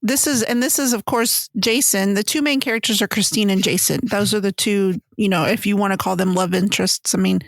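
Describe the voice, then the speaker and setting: A woman hosting a podcast in casual chat, animated, acting out her own reactions as she talks. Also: medium pitch, fairly quick, hardly any pauses, no room sound, clean studio sound. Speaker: podcast host.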